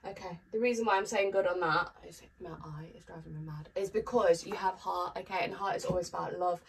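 A woman's voice: lowish voice, a little fast, few pauses. A woman chatting casually to camera as a tarot reader, upbeat with frequent ums. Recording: distant mic with faint noise.

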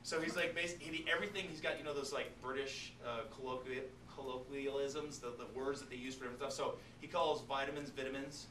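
A biology teacher lecturing his class, animated and joking, talking straight to his students. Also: mid-range voice, fast talker, few pauses. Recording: echoey classroom, distant mic, noisy.

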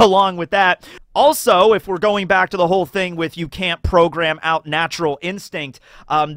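Animated guy rambling through theory commentary, high-pitched, dry close mic. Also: dry recording. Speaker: anime theory video host. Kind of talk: casual commentary monologue.

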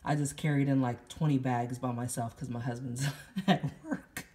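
A low-voiced woman chats breathlessly to camera about her groceries and keeps exclaiming over each find. Faint noise and the crinkle of bags sit behind her. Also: steady tone, moderate pace, dark tone. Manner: chatty, exclaims and laughs at her own finds. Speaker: vlogger showing a grocery haul. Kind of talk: casual chat to camera.

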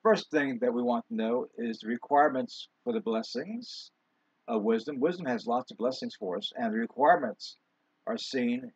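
A man's voice: medium pitch, animated, normal speed, slightly rough, dry recording. A man preaching a sermon as pastor in a loose, conversational way, with fillers and asides. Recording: dull, lo-fi sound.

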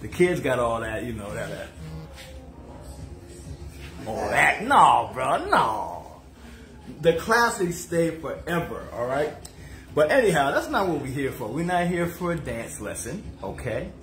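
A man's voice: mid-range voice, big pitch swings, fairly bright tone, slight background noise. Chatty man in an echoey kitchen. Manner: joking, chatty, playful, drawn-out asides to viewers. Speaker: cooking show host. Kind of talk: casual livestream cooking chat. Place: home kitchen. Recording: echoey kitchen with music behind.

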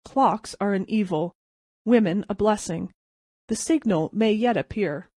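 A woman voicing a ragged old vagrant who plays a grand prince, speaking in even, well-modulated, solemn tones. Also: mid-range voice, measured pace, dry recording, clean studio sound, natural voice.

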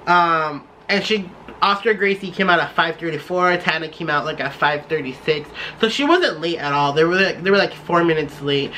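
A young man from the San Francisco Bay Area telling a storytime vlog, gushing and excitable, with lots of "like" fillers. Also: high voice, normal speed, a little hiss or hum. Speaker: vlogger.

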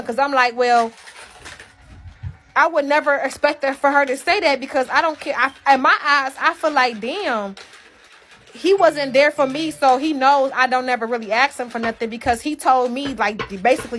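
High-voiced woman venting on a live stream. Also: normal speed, a bit bright. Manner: emphatic, profane, repeats herself. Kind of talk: emotional venting to a live audience.

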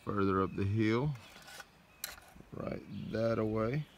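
Low, gravelly man talking outdoors. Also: slow pace, a little hiss or hum. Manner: relaxed, laid-back planning talk. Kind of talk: casual trail vlog chat. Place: outdoors by a creek.

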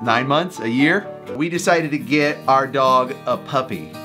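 A man's voice: mid-range voice, measured pace, bright, forceful tone. A man hosting a reaction video, casually joking and laughing as he comments on animal clips. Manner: playful, laughs often, jokes about the animals. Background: music playing.

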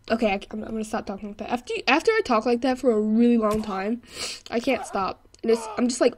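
Excitable young woman playing a game. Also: on the high side, a little fast, slight background noise. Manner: excitable, laughing, yelling at the game. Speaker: gameplay commentator. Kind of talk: let's play commentary.

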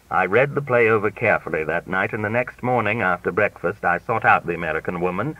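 A man narrating an audiobook with a crisp, dry comic delivery, in a dry, slightly dull recording. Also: lowish voice, quick pace, few pauses, pushed and bright, dry recording, far from the mic. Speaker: audiobook reader.

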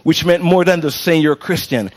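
A middle-aged man with a Jamaican accent, a gospel pianist talking about his faith and ministry in a casual interview, exclamatory and quick to laugh. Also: fairly high pitch. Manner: warm-hearted, laughs often, exclamatory.

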